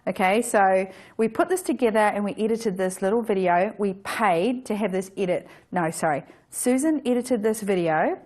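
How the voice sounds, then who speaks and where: A woman's voice: medium pitch, moderate pace, few pauses, a little mellow. A woman photographer giving a casual workshop talk, chatty, with frequent restarts and self-corrections.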